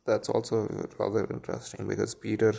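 A man reads a story aloud, pausing for musing asides. His voice sits low with a gravelly texture and a mellow, dark tone. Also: completely flat delivery. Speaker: reader and commentator. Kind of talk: reading a story aloud with commentary.

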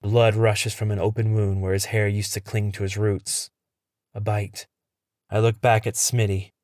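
A man telling a first-person horror story in a steady, tense narration. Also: lowish voice, a little slow, dry recording, studio quality.

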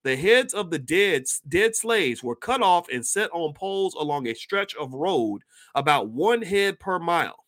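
Man, higher voice, reads aloud, stumbles over words, breaks into asides. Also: unhurried, hardly any pauses. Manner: reads passages then breaks off into animated asides; restarts and stumbles over words when reading. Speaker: commentator reading from a book. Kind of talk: casual commentary reading aloud.

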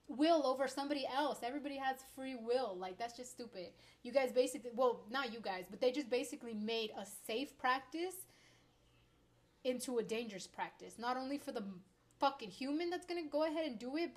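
A woman in her twenties ranting to her viewers in a rambling, heated, heavily profane way. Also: fairly high pitch. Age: 20s. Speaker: vlogger. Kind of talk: ranting opinion vlog.

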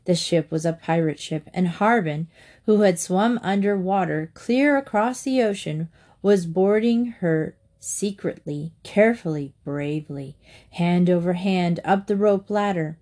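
Brief: female narrator, expressive children's book reading. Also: on the low side, measured pace.

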